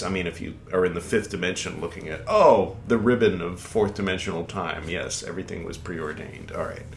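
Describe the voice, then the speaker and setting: A man hosts a podcast, reading an old text aloud and breaking off for casual, irreverent asides full of swearing, digressions and mock-dramatic voices for quotes. His voice sits low and a little fast, creaky, with few pauses. The room is echoey, with faint background noise.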